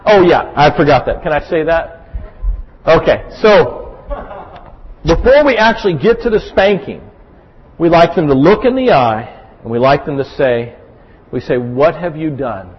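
Earnest pastor in a reverberant hall. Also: male voice, on the high side, sing-song, normal speed, pauses often, a little hiss or hum. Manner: earnest, with frequent "right?" check-ins. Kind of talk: sermon. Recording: muffled, lo-fi recording in a reverberant hall.

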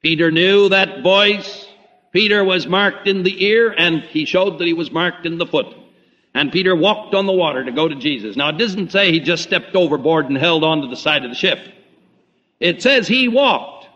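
A man preaching a sermon, dramatic, swinging between loud emphasis and hushed low tones. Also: moderate pace. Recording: muffled lo-fi recording in a reverberant hall.

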